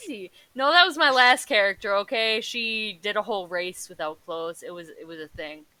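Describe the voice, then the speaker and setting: A woman playing in a tabletop game, chatting casually and getting excited. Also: mid-range voice, moderate pace, a little hiss or hum. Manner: excitable and animated. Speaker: player.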